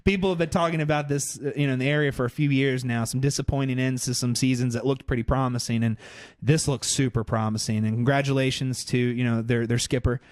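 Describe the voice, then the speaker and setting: A man co-hosting a sports podcast in casual chat, jokey and quick to laugh. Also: medium pitch, fairly even intonation, a little mellow, no room sound, studio quality. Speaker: podcast co-host.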